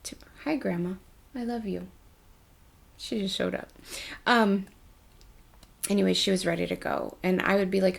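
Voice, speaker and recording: A woman's voice: medium pitch, fairly even intonation, moderate pace, vocal fry, pauses often. A woman coach telling personal stories in a casual vlog, candid and chatty with casual slang. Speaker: life coach.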